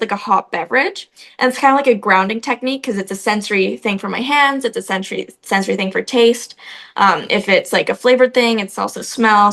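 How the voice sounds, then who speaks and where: A young woman talks casually as a guest on an interview show, her voice at a middle pitch for a woman. She tells stories in a loose, chatty way, peppered with filler words. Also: a bit bright. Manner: chatty storytelling, frequent "like" fillers. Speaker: actress, guest.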